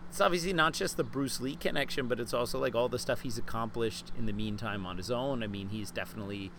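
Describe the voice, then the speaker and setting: A man hosting a podcast in casual chat, telling animated, self-deprecating stories. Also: mid-range voice, quick pace, slight background noise. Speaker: podcast host.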